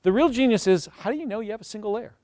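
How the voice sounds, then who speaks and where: A man's voice: sits high, lively intonation, racing, warm tone, no echo. A middle-aged man giving a university chemistry lecture, enthusiastic and storytelling, speaking directly to his audience in a lecture room. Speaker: chemistry professor giving a seminar.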